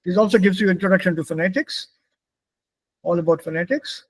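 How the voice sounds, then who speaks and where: A man's voice: high-pitched, fairly quick, rough recording. A man from India with an Indian English accent, teaching a German pronunciation class and patiently repeating words for his students.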